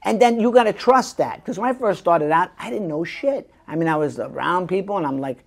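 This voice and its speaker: An older man talks as an interview guest, spinning anecdotes with a lively, swinging pitch. He slips into the voices of the people he quotes as he tells his stories. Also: fairly quick, creaky. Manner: animated storyteller who acts out quoted voices. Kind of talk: casual interview chat.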